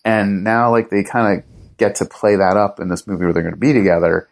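A man speaks in a fairly low register as an interview guest. He talks casually and enthusiastically, circling his thoughts with fillers and restarts. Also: brisk, gravelly. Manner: rambling, lots of fillers and restarts; enthusiastic fan talk. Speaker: guest writer and TV producer.

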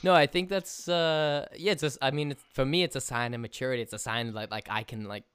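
A man's voice: mid-range voice, fairly even intonation, quick pace, fairly bright tone, clear, resonant tone. A young man in his twenties hosting a casual chat, talking loosely with fillers and the odd swear.

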